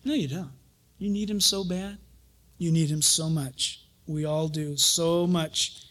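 A male pastor delivers a sermon with lively storytelling. He chuckles often and acts out the people he quotes. His voice is very high for a man. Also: slow. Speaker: pastor and Bible teacher.

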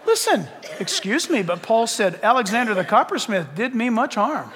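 A man preaching a sermon as pastor, animated, acting out little dialogues and rising to shouts. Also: very high voice, moderate pace, background noise. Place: church sanctuary. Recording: long reverb of a church hall.

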